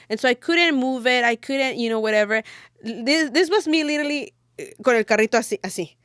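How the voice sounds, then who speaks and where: Young woman podcast host, bilingual storyteller, high-ish voice, dry close sound. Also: brisk, clear, resonant tone, dry recording. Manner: mixes English and Spanish mid-sentence, animated retelling. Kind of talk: casual storytelling chat.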